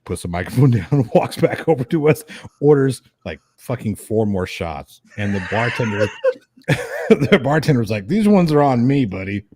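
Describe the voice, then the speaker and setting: A man hosts a casual stream, his voice lowish and his pace moderate. He tells a rowdy story packed with swearing and laughter, an animated, profane storyteller.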